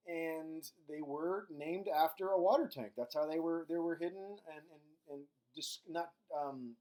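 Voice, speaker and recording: A man delivers a recorded world-history lecture in a loose, joking manner full of fillers and side remarks. His voice sits a little high for a man. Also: darkish tone. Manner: casual and joking, with frequent fillers. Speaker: history teacher.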